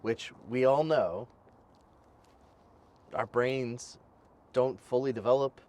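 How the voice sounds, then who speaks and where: A man in his thirties hosting a podcast, talking in a chatty, animated way and laughing easily. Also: mid-range voice, slow pace, recorded from a distance. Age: 30s. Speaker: podcast host. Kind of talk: casual conversational interview.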